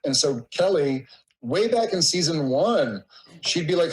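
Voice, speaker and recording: Male guest, 30s, slightly higher voice, warm rambling storyteller who gets choked up. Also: lively intonation, normal speed, poor audio. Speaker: podcast guest. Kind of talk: casual conversation.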